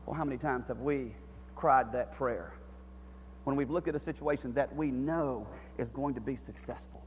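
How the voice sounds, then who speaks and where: A man preaching a sermon with passion, swinging between hushed, quiet passages and near-shouted, fervent ones. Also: mid-range voice, normal speed, in a large hall, a little hiss or hum.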